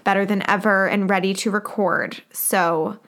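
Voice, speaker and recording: A young woman co-hosts a podcast, chatting casually and loosely with lots of fillers and frequent laughter. Her voice is medium-pitched, a bit bright, and fairly even in intonation, at normal speed.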